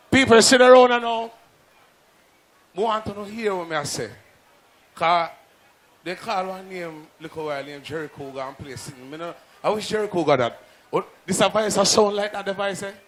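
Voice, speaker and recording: A man's voice: high voice, fairly bright tone. A man with a Jamaican accent working as a sound clash MC, bantering in rowdy patois. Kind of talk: hyping a live crowd.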